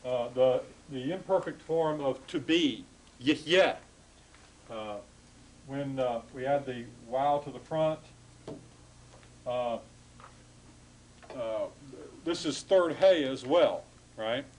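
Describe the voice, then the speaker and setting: A man's voice: mid-range voice, a little mellow, low-quality recording. Guy teaching a grammar class, lots of uhs, faint hiss behind. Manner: halting, frequent uh fillers, self-correcting. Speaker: Hebrew grammar lecturer. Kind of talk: classroom lecture.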